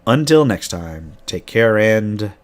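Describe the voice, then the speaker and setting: A man's voice: fairly low pitch, very animated, slow pace. A man game master casually retelling a tabletop campaign, rambling with frequent restarts.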